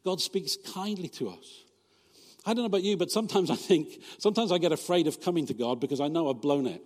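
A fairly high-voiced male pastor preaching in a relaxed, joking manner, often checking in with his listeners through questions. His voice carries a long reverb, as if recorded in a church hall. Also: fast talker. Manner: conversational and humorous, full of rhetorical questions. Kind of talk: sermon.

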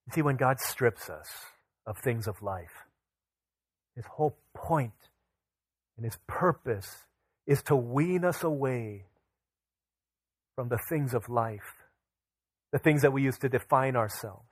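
A man, a father of young children, preaching a sermon, rising louder and higher on his key points and dropping soft and low when he tells a story. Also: lively intonation, slow, long pauses, breathy edge, no room sound. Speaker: pastor.

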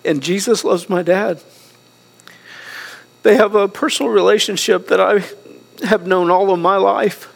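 Earnest, high-voiced middle-aged male pastor. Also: unhurried, creaky, pauses often. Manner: earnest, preaching with wide swings between soft and raised passages. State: emotional, near tears. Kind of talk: sermon.

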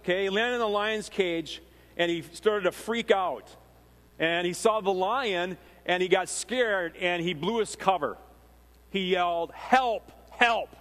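Minnesotan pastor preaching in a reverberant hall. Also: male voice, high voice, measured pace. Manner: conversational, animated storytelling with frequent fillers and restarts. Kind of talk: sermon. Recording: long reverb of a large hall.

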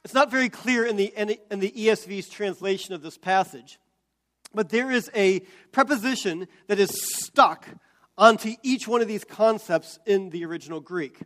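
A man preaching a sermon as pastor, explaining scripture and building to loud, emphatic peaks. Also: sits high.

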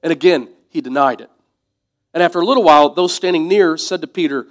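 A man preaching a sermon in a conversational, reflective way, dropping to soft asides. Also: on the high side, lively intonation, quick pace. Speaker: pastor.

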